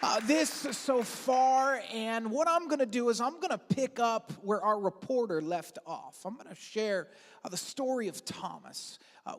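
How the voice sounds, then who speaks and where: Lively pastor preaching in a reverberant hall. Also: mid-range voice. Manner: energetic, conversational preaching with asides and fillers. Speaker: lead pastor. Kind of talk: Easter sermon. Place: large church auditorium.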